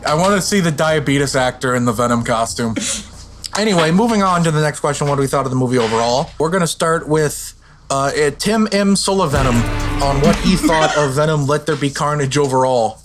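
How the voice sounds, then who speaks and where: A man's voice: a little high, fairly quick, music in the background. A man hosting a casual podcast chat, teasing his co-hosts and moving the discussion along. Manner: teasing, steers the questions. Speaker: podcast host.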